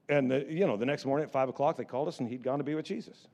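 A middle-aged man preaching a sermon in church, stammering through restarts and moving between quiet storytelling and loud exhortation. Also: mid-range voice, rapid-fire, hardly any pauses, highs cut off. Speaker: pastor.

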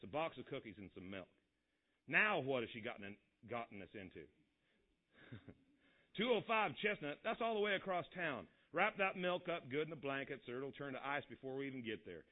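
A man, a pastor, telling a story aloud as a sermon and voicing its characters lightly. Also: on the high side. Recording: tinny phone-like audio.

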